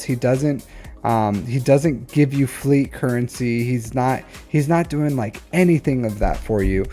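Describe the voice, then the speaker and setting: Casting note: mellow-voiced man, rambly live-stream reviewer, faint music underneath. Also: mid-range voice. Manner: rambling, repeats phrases, frequent "like" and "um". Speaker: streamer giving account reviews. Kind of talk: casual live-stream commentary.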